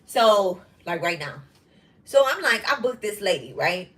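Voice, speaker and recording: A middle-aged woman with a bright, forceful voice talks straight to her viewers in casual podcast chat. She is blunt and profane, with quick asides and laughter. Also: mid-range voice, sing-song, rough recording. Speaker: podcast host.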